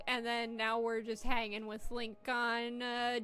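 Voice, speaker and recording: A woman's voice: fairly high pitch, monotone, a little slow, sharp tone, clear, resonant tone, faint music behind. A woman giving casual, chatty let's-play commentary, swearing and poking fun at herself. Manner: chatty, swearing, self-mocking. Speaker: gaming streamer.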